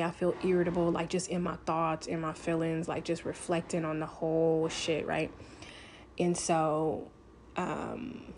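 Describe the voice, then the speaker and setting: This woman's voice sits low and has a slightly mellow quality, with slight background noise behind it. As a vlogger, she rambles casually and candidly to camera about something personal, filling her speech with plenty of "like."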